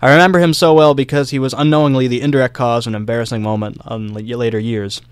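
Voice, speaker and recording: A man's voice: medium pitch, little pitch movement, fast talker, clear, resonant tone, dry recording, studio quality. A young man co-hosting a casual history podcast, telling a story loosely with fillers and small laughs. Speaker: podcast co-host.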